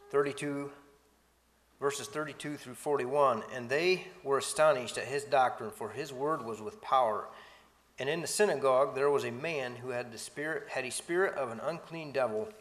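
A man reading Bible passages aloud and commenting on them, with halting restarts. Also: medium pitch, a bit bright, in a large hall.

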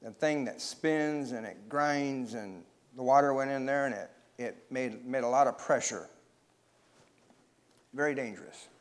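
A man reading a children's story aloud, expressive and pausing to ask his listeners questions. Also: mid-range voice.

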